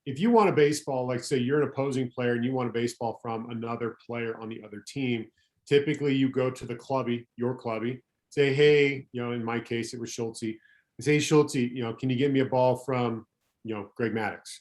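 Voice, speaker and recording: A middle-aged man, a former pro pitcher, telling anecdotes as a podcast guest in a rambling way, correcting himself as he goes. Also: fairly even intonation, fairly quick, darkish tone. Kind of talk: casual storytelling chat.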